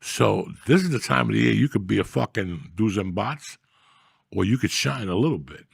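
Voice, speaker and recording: A man telling comic stories on a podcast in a gravelly, profane, ranting way, with loud bursts when he acts out scenes. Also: lowish voice, animated, normal speed, dry recording, studio quality. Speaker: podcast host. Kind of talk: casual comedic storytelling.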